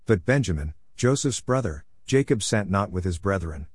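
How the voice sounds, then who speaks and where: Man, lower voice, scripture reading, measured and even, dry close recording. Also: slightly rough, no room sound. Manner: measured, even delivery of archaic text. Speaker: scripture reader.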